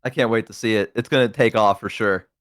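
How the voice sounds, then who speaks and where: A man's voice: on the low side, fairly even intonation, quick pace, a bit bright, no room sound, studio quality. A man in his twenties, a guest streamer, chatting casually in a laid-back, self-deprecating, rambling way. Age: 20s. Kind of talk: casual chat on a livestream.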